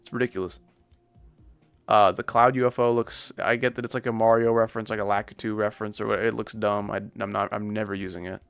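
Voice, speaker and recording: A man talks through a gaming stream in a loose, rambling way, cracking jokes at his own expense. His voice has a gravelly fry to it. The sound is dry, with music playing faintly underneath. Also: on the low side, flat delivery, quick pace, a bit bright, no room sound. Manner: rambling, jokey, self-deprecating. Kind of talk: casual gaming commentary.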